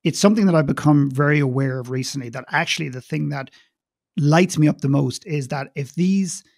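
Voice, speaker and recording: A man who is a guest speaker and coach, telling a story in conversation in an animated way and repeating words when wound up. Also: a little high, a little fast, vocal fry, dry recording, clean studio sound.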